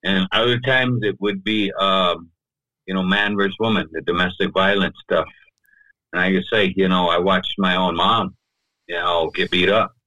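In a podcast studio, a low-voiced guest recounts something from his own life at a moderate pace, his intonation fairly even yet his tone bright and driving. His loose speech leans on "you know" and "right?", and the sound is close and dry with no room echo.

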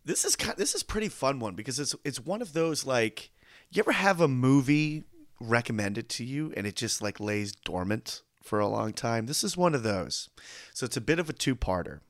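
A man's voice: mid-range voice, lively intonation, moderate pace, no room sound, clean studio sound. A man co-hosting a movie podcast, telling a story in a chatty, casual way. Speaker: podcast co-host.

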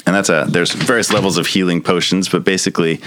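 Deep-voiced man running a tabletop game. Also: background noise. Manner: relaxed, halting, with many fillers and restarts. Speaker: game master.

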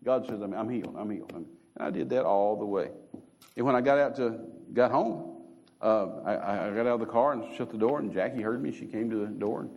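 A man's voice: a little fast, gravelly, highs cut off. A middle-aged man, preaching a sermon as a story and acting out the voices he quotes. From Texas. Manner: storytelling, acts out quoted voices with rising pitch. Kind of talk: sermon testimony.

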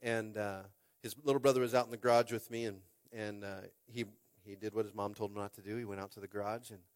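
A pastor in his thirties preaching a lively sermon, acting out quotes and calling out to the congregation. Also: lowish voice, fast. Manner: animated, acts out quotes, keeps calling on the crowd.

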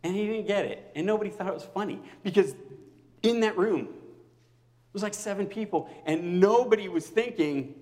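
A man preaching a personal sermon to his congregation as their pastor, swinging between loud outbursts and near-whispers. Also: high voice, moderate pace, big-room sound.

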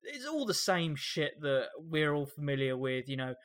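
A man's voice: a little high, big pitch swings, normal speed. A man co-hosting a podcast in casual chat, rambling with lots of fillers, incredulous and swearing. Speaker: podcast co-host.

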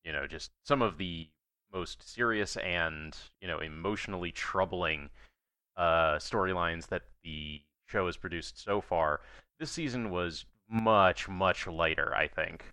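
A man co-hosting a casual podcast with a very low, bright, crisply clear voice. The sound is dry and close, and he speaks in a measured way with many fillers. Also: no echo. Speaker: podcast co-host. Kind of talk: casual podcast review chat.

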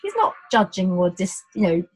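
Husky woman explaining birth, animated. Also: lowish voice, moderate pace, poor audio. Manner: animated, acts out quotes, frequent restarts. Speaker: birth educator and author. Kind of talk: casual conversational podcast.

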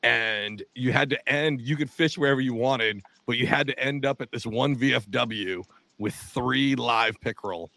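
A man with a gravelly voice, co-hosting a podcast in casual, joking banter. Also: medium pitch, normal speed, sharp tone, no echo. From South Jersey. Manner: joking, teasing. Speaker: podcast co-host.

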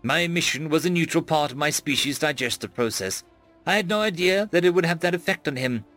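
A man's voice: a little high, lively intonation, fairly quick, fairly bright tone, faint music behind, voice pushed up. A man voicing an assured, firm female alien diplomat.

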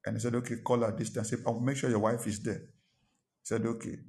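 A pastor preaching a sermon, telling a personal story and driving points home by repeating short phrases. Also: male voice, mid-range voice, flat delivery, a little fast, warm tone.

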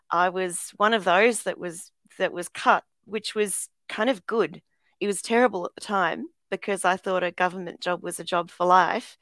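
A woman's voice: lowish voice, a bit bright, no echo. An Australian woman, a former lawyer turned motivational speaker, telling her story in a reflective, candid way as a radio guest.

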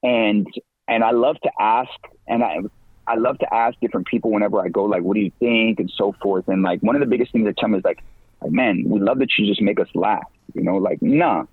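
Middle-aged male evangelist guest, slangy and animated; husky, dry and tinny like a phone. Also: brisk, no echo. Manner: animated, slangy, pitch leaps when excited. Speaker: podcast guest, evangelist and campus minister. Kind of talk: casual faith talk.

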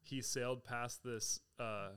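Smooth-voiced man musing casually. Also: mid-range voice, fairly even intonation, takes it slowly, a bit bright. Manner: laughs often, muses aloud, talks in fragments. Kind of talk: casual chat.

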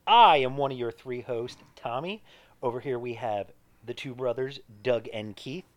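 A man's voice: medium pitch, moderate pace. A man co-hosting a casual movie-review podcast, joking with his friends. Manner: jokey, bursts into impressions. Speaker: podcast co-host.

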